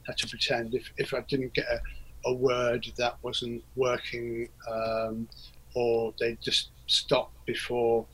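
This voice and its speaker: A man's voice: mid-range voice, monotone, slow pace, a bit bright, husky, rough recording. A man, a guest in a casual interview, talking in a rambling, hesitant way with many fillers and restarts. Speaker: interview guest, record producer.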